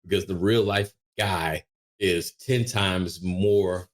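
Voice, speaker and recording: A very deep-voiced, middle-aged man takes it slowly as he tells stories on an interview podcast. He's lively and animated yet keeps restarting sentences, talking casually like a longtime producer.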